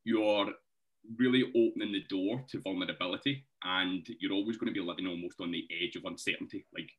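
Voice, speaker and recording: A Scottish man with a very low voice but a bright, forceful tone speaks as a podcast guest. He is earnest and reflective, explaining his ideas at length and laughing easily. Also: a little fast. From Scotland. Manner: earnest and reflective, laughs often, says mate. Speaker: guest, personal trainer. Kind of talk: interview conversation.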